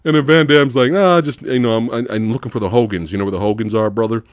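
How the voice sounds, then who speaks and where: A man hosting a casual movie review chat, animated, laughing often and acting out characters in high voices. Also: fast talker, no room sound, clean studio sound. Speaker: host.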